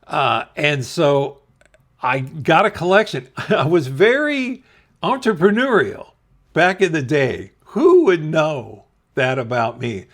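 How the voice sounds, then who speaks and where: Slow-talking man telling a school story. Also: medium pitch. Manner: slow, laughing, self-deprecating. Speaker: channel host telling a story. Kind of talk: casual storytelling to camera.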